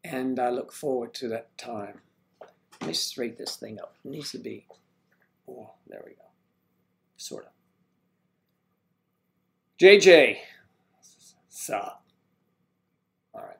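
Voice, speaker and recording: A man's voice: medium pitch, animated, takes it slowly, creaky, pauses often. An older man hosting a casual livestream, greeting viewers by name and rambling while he fumbles with his equipment. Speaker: livestream host.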